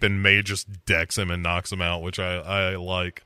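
A man hosting a podcast, casually retelling a horror movie's plot with jokes and quick put-on voices. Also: low voice, clear, resonant tone, dry recording, studio quality. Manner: jokey, animated plot retelling with quoted voices. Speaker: podcast host.

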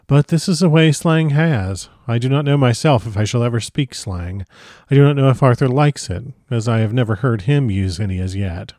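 A man reads a classic novel aloud with gentle, expressive delivery at a middle pitch. The sound is dry and close, with no room echo. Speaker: audiobook reader.

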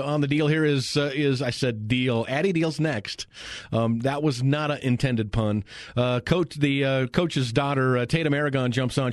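Male studio host, easygoing sports chat, middle pitch, dry close mic. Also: dry recording. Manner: chatty, folksy, filler-heavy. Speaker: radio sports show host. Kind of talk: live radio sports talk. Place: radio studio.

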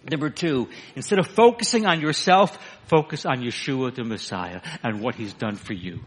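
A male pastor preaching a sermon, swinging from loud, emphatic bursts to hushed, quiet lines. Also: medium pitch. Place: church sanctuary. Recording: long hall reverb.

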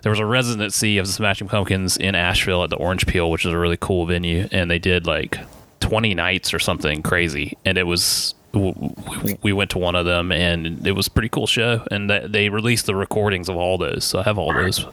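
A man's voice: sits low, fairly quick, sharp tone. A man co-hosting a podcast in casual chat, laid-back, laughing often and trailing off mid-sentence. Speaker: podcast co-host.

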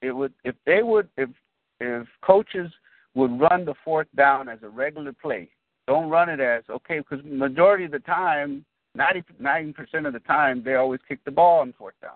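A man's voice: fairly high pitch, normal speed, no echo. A man talking sports in a loose, rambling way, doubling back on his sentences and building up steam as he makes his case. His voice is dry and close, with narrow, phone-like sound. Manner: rambling, restarts sentences, animated when explaining. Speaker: podcast co-host. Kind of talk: casual sports chat.

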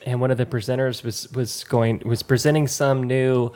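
A man's voice: mid-range voice, little pitch movement, moderate pace, darkish tone. A man co-hosting a podcast, chatting casually and wandering off on tangents, often restarting his sentences. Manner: chatty, tangential, self-interrupting. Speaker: podcast co-host. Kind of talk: casual chat.

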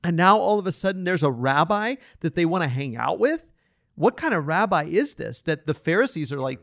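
Podcast co-host, man, earnest and reflective, higher-pitched voice, dry close sound. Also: very animated, moderate pace, creaky, fairly bright tone, no room sound. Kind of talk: casual Bible study discussion.

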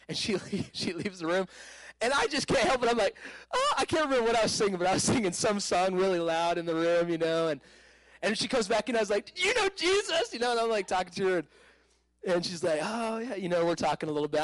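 Man, higher voice, dry close sound, animated casual testimony with laughs and restarts. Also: no room sound, poor audio. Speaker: speaker telling a personal testimony.

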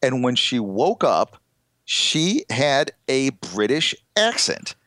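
A middle-aged man with a stuffy, congested nose rambles through stories with many hesitations as a podcast co-host. His voice sits at an everyday pitch, recorded close and dry. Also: sing-song, slow, a bit bright, no echo. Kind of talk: casual comedic chat.

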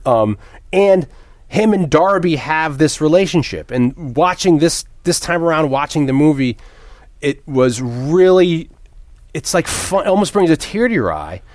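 A man's voice: on the high side, animated, measured pace, a little mellow, dry recording. A man co-hosting a casual movie chat, rambling and profane, with many restarts. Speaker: podcast co-host.

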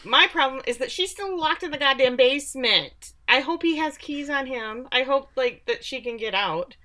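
A woman from Texas co-hosting a podcast, giving a sarcastic, animated recap of a show and acting out the quotes. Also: high-pitched, normal speed. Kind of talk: casual chat.

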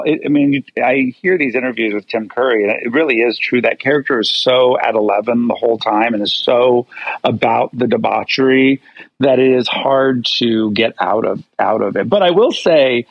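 A man who performs in drag, a guest chatting in an animated, theatrical way. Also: medium pitch, moderate pace, no room sound, muffled recording. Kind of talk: casual interview chat.

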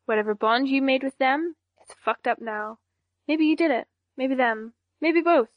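A young villainess with no emotion in her voice, every threat delivered in a flat deadpan, as a woman reads her in an audiobook. The voice sits fairly high, recorded close and dry. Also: moderate pace, no echo, dull audio, natural voice. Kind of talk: audiobook character voice.

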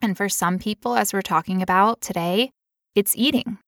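A woman co-hosting a casual podcast, talking in an animated way and acting out quoted voices. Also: mid-range voice, normal speed, no echo, studio quality. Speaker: podcast co-host.

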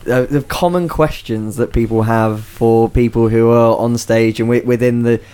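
A man's voice: mid-range voice, steady tone, normal speed, dark tone, slight background noise. A young man co-hosting a casual chat podcast, chatty, often repeating words as he talks. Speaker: podcast co-host, stage actor.

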